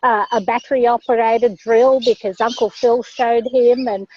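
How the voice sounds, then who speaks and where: Bright-voiced woman over dull call audio. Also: fairly high pitch, fairly even intonation, slight background noise. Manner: enthusiastic, halting with many fillers. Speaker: guest sharing a story. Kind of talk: online group call testimonial.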